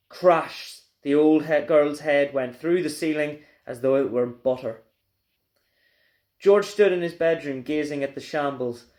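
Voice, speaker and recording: A male teacher reading a children's book aloud, telling it expressively. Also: a little high. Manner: expressive storyteller.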